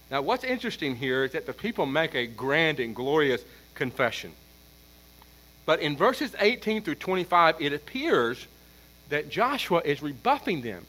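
A man preaching an expository sermon as pastor, emphatic, building force on repeated points and then dropping low. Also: big pitch swings, unhurried, long pauses, sharp tone, poor audio.

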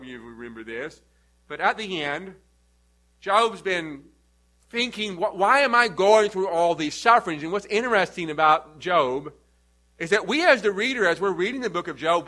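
Guy preaching a sermon, high bright voice, punches the big questions. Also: low-quality recording. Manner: expository preaching with rising emphatic questions.

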